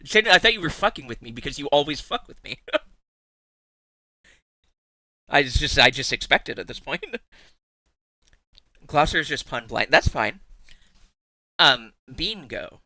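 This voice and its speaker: A man's voice: fairly high pitch, lively intonation, a little fast, sharp tone, no room sound. A young man streaming live, chatting casually with his viewers, teasing them, swearing freely and laughing often.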